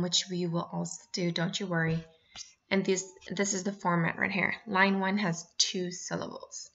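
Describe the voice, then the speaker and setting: A woman teacher giving a remote lesson, explaining clearly and slowing down to spell out each point. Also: on the low side, fairly bright tone, dull audio. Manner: clear and instructive, reads poems aloud, slows down to explain.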